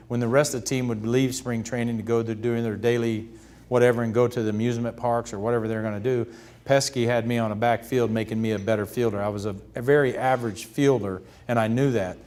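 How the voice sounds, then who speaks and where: A man in his fifties, a retired pitcher, telling stories in an interview and laughing as he goes. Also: a little mellow. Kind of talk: storytelling in a sit-down interview.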